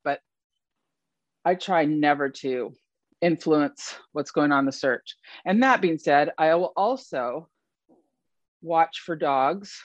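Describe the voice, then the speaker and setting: A man as an interview guest, talking about his work as an event photographer in a casual, animated way and laughing often. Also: fairly high pitch, dry recording, muffled recording.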